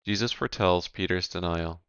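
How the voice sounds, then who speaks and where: A man giving a measured, even reading of Bible scripture, announcing each section heading. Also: low voice, clear, resonant tone, dry recording, muffled recording. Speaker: scripture reader.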